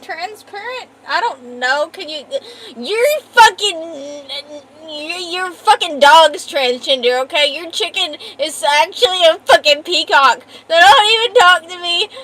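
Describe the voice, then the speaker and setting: Woman, streamer, very high voice, lively swings, casual chat, profane mock-angry joking. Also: a little slow.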